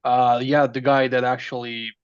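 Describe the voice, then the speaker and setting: A man from Serbia, a guest telling his story in a relaxed, hesitant way with fillers. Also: mid-range voice, normal speed, smooth, no echo. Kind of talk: casual storytelling in conversation. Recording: dull, muffled lo-fi line.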